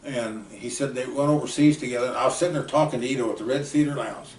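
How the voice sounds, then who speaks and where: A man's voice: medium pitch, fast, a little mellow. An older man from the United States, a plainspoken, folksy uncle telling long family stories in a casual, rambling way. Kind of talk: casual storytelling. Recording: roomy, distant mic, faint background noise.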